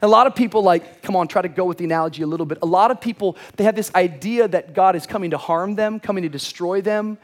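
High-voiced, animated male preacher. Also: quick pace, hardly any pauses. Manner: lively, animated, acts out shouted quotes. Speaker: pastor. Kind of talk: energetic sermon with storytelling. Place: large church auditorium.

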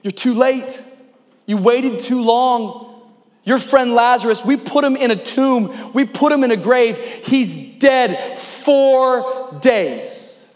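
A man's voice: very high voice, takes it slowly, in a large hall. A man voicing an upset, grieving woman who reproaches and pleads, acted out within a sermon. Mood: reproachful.

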